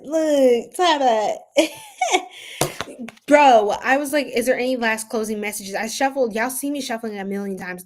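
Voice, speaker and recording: A woman giving a casual tarot reading to her viewers, slangy and playful, laughing often and swinging from loud outbursts to soft asides. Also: fairly high pitch. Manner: slangy, repeats phrases. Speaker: tarot reader.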